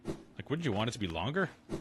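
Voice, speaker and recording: A man's voice: medium pitch, sing-song, fast talker, background noise. A man casually chatting and muttering to himself while streaming a game. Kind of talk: casual gameplay commentary.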